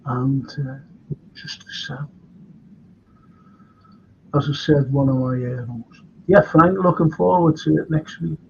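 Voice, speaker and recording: Older scouse guy hosting a chat show, gravelly, rambly, kinda tired, dull lo-fi sound. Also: a little high, slow pace, long pauses. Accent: Liverpool. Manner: rambling, chatty, with frequent restarts. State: tired from lack of sleep. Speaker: host. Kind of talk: casual chat. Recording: dull lo-fi sound with faint noise.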